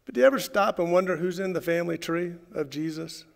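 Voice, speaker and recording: A man preaching a sermon as pastor, swinging from loud, fervent lines to soft, hushed asides. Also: high-pitched, fast, gravelly, big-room sound. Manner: preacherly, rising to shouts and dropping to hushed tones. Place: church sanctuary.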